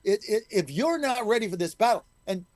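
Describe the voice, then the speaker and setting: A man's voice: sits high, animated, brisk, darkish tone, no echo. A middle-aged man, a state legislator guest on a talk radio show, speaking in an emphatic, combative way. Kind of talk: call-in talk radio interview.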